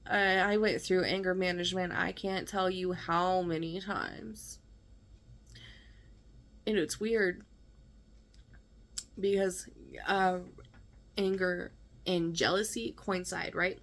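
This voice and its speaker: A woman's voice: lowish voice, steady tone, takes it slowly, pauses often. A woman vlogger telling a personal story in an emphatic, conversational way, often checking in with her listeners.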